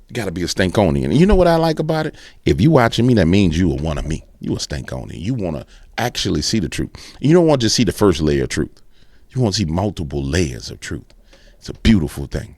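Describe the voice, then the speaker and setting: A man hosting casual political commentary, animated and slangy, with playful sound effects. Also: low-pitched, fast, dry recording.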